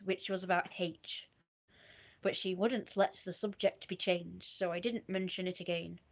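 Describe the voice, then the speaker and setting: British woman reading her old diary aloud. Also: fairly low pitch. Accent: British English. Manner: reads haltingly, stumbling over her own old writing. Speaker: streamer.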